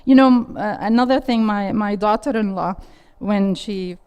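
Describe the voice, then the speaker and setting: A middle-aged woman runs an interactive parenting workshop in a classroom before a live audience, restating their questions and encouraging them. Her mid-range voice moves at a normal speed and sounds smooth and a little mellow.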